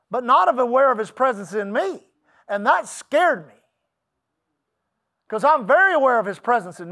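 A middle-aged pastor, preaching to his church. His voice sits high for a man, and he talks in a folksy, emphatic storytelling way, dropping into asides to the congregation. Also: a bit bright. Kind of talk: sermon.

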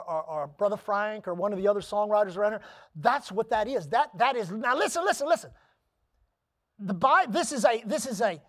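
A pastor preaching a sermon in an emphatic, repetitive way, calling out to the congregation. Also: medium pitch.

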